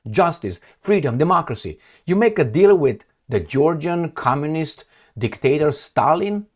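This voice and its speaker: A man from Eastern Europe, a non-native English speaker, giving a heated, sarcastic political monologue while pointing at a map. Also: a little high. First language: Romanian. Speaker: political commentator. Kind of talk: opinionated monologue.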